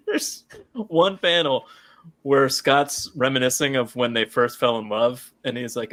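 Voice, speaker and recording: A man co-hosting a casual comic book podcast, animated and profane, acting out characters' lines for laughs. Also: medium pitch, unhurried. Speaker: podcast co-host.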